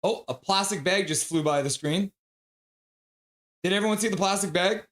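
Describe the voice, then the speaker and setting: A man's voice: sits high, moderate pace. A man hosting a live fan stream, calling the game play by play at home, crying out at big plays and cooing in baby talk at his dog in between. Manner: excitable, cries out at big plays. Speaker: livestream host calling the game.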